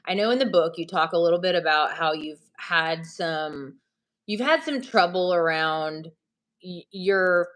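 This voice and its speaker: Low-voiced woman podcast host. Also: a bit bright. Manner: friendly, hesitant questions with restarts. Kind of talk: casual interview chat.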